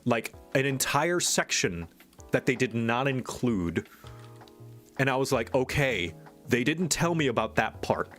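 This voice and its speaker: A man's voice: medium pitch, lively intonation, measured pace, a bit bright, soft background music. A man streaming live, in casual chat and ranting with exasperation. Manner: exasperated, venting rant. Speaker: streamer and animator.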